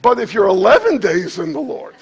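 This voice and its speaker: A pastor preaching a sermon to his congregation, animated, acting out quotes with sudden jumps in pitch and loudness. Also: brisk, gravelly, breathy edge, dull audio.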